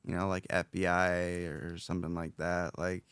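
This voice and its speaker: A young man with a low, gravelly voice talks through his thoughts on a podcast. He rambles and circles back with fillers and restarts. The sound is dry and close, with little room around it. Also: flat delivery, normal speed, fairly bright tone, dry recording. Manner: rambling, self-reflective, many fillers and restarts. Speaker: podcast host, interviewed as guest. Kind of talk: casual podcast chat.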